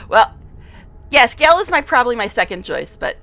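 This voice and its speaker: A woman's voice: fairly high pitch, very animated, a little fast, creaky, fairly bright tone. A woman streamer giving casual gameplay commentary, chatty and giggly, with frequent laughs.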